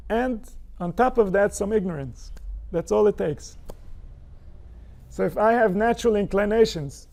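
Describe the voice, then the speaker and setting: High gravelly man teaching spirituality. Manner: lively, asks rhetorical questions and answers them. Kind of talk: kabbalistic Torah lecture.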